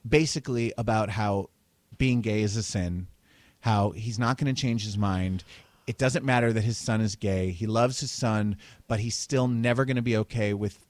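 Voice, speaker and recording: Casting: male podcast host, mid-pitched, blunt and profane, dry studio sound. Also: a little mellow, no room sound. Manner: outspoken, profane, mocking. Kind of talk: casual chat.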